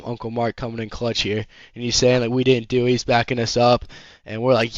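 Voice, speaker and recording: Speaking fast with fairly even intonation, a young vlogger with a mid-range, slightly mellow voice rambles through a storytime anecdote. The recording is dry and lo-fi, and his casual chat is packed with "like" and swearing.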